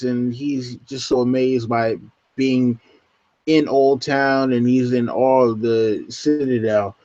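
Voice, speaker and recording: A man's voice: fairly high pitch, a little mellow, no echo. A man hosting a casual book discussion podcast. He leads the talk loosely and swears freely. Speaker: podcast host. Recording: dull, dry lo-fi podcast audio.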